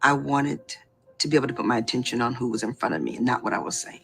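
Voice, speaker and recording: A middle-aged woman telling her personal story in an animated way, laughing and acting out what people said. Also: extremely low pitch, fast talker, creaky, loud music behind the voice. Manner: animated, laughing, acts out quotes.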